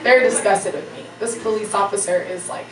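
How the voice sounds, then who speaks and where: A woman's voice: medium pitch, brisk, a crowd in the background. Young woman, comic storyteller, casual and profane, laughs a lot, roomy hall, distant mic, audience noise. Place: stage before a live audience.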